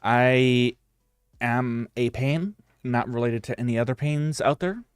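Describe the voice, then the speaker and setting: A man's voice: mid-range voice, measured pace, clear, resonant tone, no echo, clean studio sound. A man with a US West Coast accent, chatting casually as a streamer in a rambling way with many fillers and restarts. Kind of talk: casual chat.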